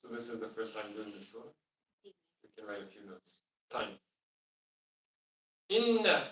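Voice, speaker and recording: This man's voice sits on the low side, level in tone, brisk and fairly bright, as he gives a classroom lesson on the Arabic of the Quran. He explains things patiently and asks the students questions, recorded from far off in a roomy space.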